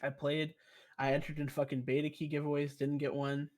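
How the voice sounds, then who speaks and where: A man's voice: on the high side, fairly quick. A young man, a podcast guest, telling rambling stories in casual, profane chat. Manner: profane, rambling, animated storyteller.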